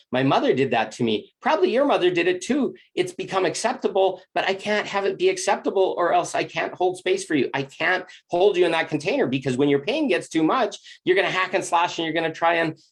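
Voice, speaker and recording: A spiritual relationship coach gives a confessional monologue about relationships in a voice on the high side, animated and fairly quick. He's intense and blunt, swears freely, and comes across as earnest and emotionally open.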